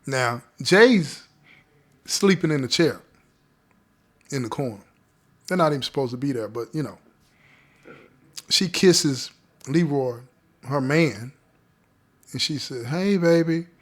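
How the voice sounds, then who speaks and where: A man's voice: medium pitch, unhurried, long pauses. Slangy man telling a story. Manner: conversational, checks in with listeners; street slang. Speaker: podcast host telling a story. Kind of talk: casual spoken storytelling.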